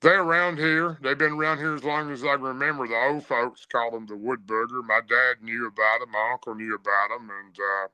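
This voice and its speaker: A man's voice: medium pitch, steady tone, brisk, few pauses, sharp tone, clean tone, no echo, rough recording. A man voicing his tough, blunt old rural grandfather, in plain country talk. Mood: gruff.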